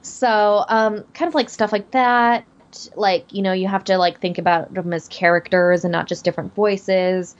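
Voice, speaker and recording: A woman's voice: mid-range voice, fairly even intonation, normal speed, few pauses, lo-fi sound. A young woman, a voice actor, talking casually in a podcast chat with lots of fillers and restarts. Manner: chatty, many fillers and restarts. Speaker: voice actor guest.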